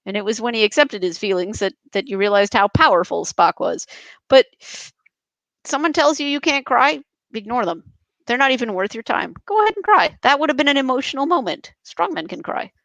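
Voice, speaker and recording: A woman's voice: a little high, lively intonation, a little fast, fairly bright tone, no echo, low-quality recording. A young adult woman speaking passionately and emphatically as a podcast guest, with frequent restarts. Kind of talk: casual interview chat.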